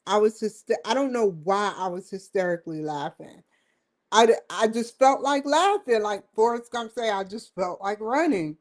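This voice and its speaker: A woman's voice: on the high side, moderate pace. A woman hosting her own livestream show, rambling and joking between topics, often breaking into laughter. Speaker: host. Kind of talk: casual livestream chat.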